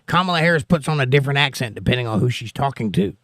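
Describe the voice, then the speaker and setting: A man's voice: medium pitch, expressive, racing, a bit bright, dry recording, studio quality. A man with a Southern accent hosting a casual political livestream, reading viewer comments aloud with wry, joking asides. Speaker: livestream host.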